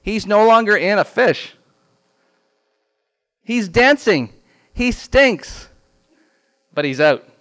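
A man teaching a children's Bible lesson in a church classroom, animated and quizzing the class with questions. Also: high-pitched, takes it slowly, pauses often.

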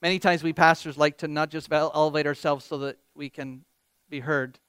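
A man preaching a sermon as pastor, animated, reading scripture with rising emphasis and joking about himself. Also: fairly high pitch, brisk, clear, resonant tone, dry recording. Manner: animated, quotes scripture with rising emphasis, self-deprecating humor.

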